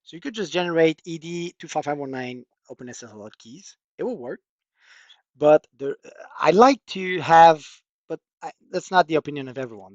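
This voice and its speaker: A man's voice: fairly high pitch, dry recording. A man with a French accent presenting a technical workshop walkthrough, explaining with many hesitant fillers.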